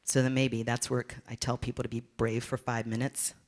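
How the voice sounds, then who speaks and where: Lady speaker telling a funny story, lively and candid, acts out her own pep talks. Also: rumbling low, fairly quick. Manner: candid and playful. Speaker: motivational speaker. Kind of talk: storytelling talk.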